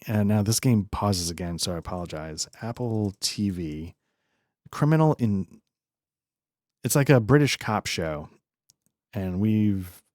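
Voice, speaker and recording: A man's voice: low voice, a little mellow, no room sound, clean studio sound. A man hosting a let's play, chatting casually and rambling through self-deprecating asides while he games. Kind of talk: casual commentary while gaming.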